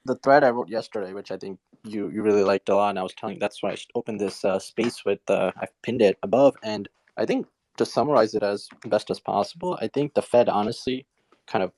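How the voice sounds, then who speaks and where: Low-voiced easygoing male chat host. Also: animated, a little fast, darkish tone, no room sound. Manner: easygoing, hedges with "I think" and "uh". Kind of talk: casual audio-chat hosting.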